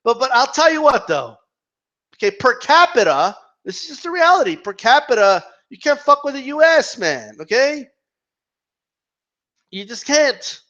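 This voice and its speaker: Heated high-voiced man ranting. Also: sing-song, a little slow, bright, forceful tone. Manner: heated, profane, repeats words, argues with imagined fans. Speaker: boxing commentator. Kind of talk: ranting vlog commentary. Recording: dull lo-fi sound.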